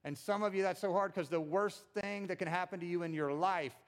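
This man speaks a little fast as he preaches, a pastor with a lively, conversational delivery. He echoes words for emphasis and performs quotations with large jumps in loudness and pitch.

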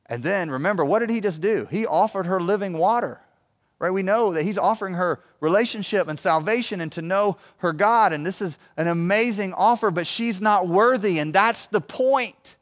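High-voiced male preacher in a reverberant hall. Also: expressive, normal speed. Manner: conversational, emphatic preaching with rhetorical questions. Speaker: pastor. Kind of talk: sermon. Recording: long reverb of a large hall.

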